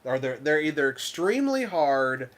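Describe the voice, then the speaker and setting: A man co-hosting a casual game review show. He talks in an animated, rambling way and often restarts his sentences. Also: on the high side, normal speed. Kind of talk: casual chat.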